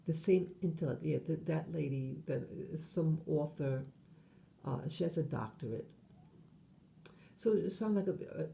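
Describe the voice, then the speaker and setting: A woman's voice: low-pitched, creaky, dark tone, a little hiss or hum. A woman hosting her channel, talking in a meandering monologue full of fillers and self-corrections. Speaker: channel host. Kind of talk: rambling monologue.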